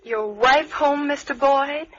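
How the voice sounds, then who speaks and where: A timid young woman in a very high, bright voice, pleading anxiously. She sounds like an old radio broadcast, muffled and dull, with faint hiss. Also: slow pace. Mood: scared. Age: young adult. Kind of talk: 1940s radio acting.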